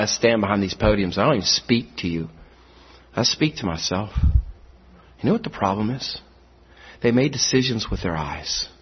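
Husky preacher man, animated delivery. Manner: swings from high, loud, fast outbursts to low, quiet asides. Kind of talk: sermon. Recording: muffled dull recording.

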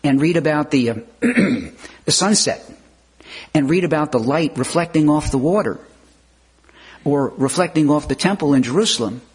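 A man preaching a sermon, slow and measured, with rising emphatic questions, often clearing his throat. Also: a little high, expressive.

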